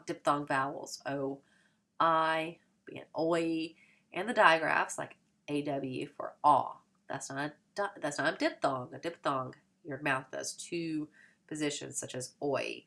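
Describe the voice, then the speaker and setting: A woman talks through spelling rules in a lecture. Her voice sits low and has a gravelly edge. She explains step by step and often stops to fix a word. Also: fairly bright tone. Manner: explanatory, with fillers and restarts.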